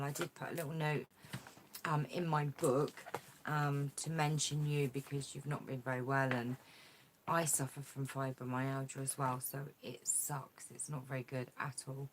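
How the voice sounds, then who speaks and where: A woman hosting a casual live craft chat from her desk at home, rambling and effusive, with lots of fillers, talking into a tablet's built-in mic. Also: sits low. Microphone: tablet camera mic.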